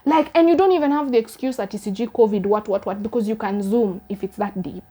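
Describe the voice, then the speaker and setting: A woman's voice: medium pitch, fast talker, warm tone. A young Kenyan woman vlogging about a crime case in a casual, sarcastic tone, firing off incredulous rhetorical questions.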